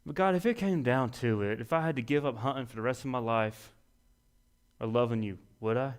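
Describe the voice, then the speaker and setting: A man's voice: medium pitch, fairly quick, smooth. A young man preaching a sermon in a folksy, self-deprecating way, rising to emphatic peaks.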